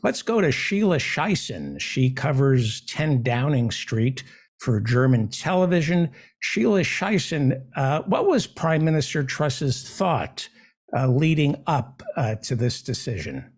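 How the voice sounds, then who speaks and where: A man hosting a comedy show, delivering a sarcastic, deadpan satirical monologue. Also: medium pitch, slow pace. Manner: sarcastic, deadpan jokes with mock questions.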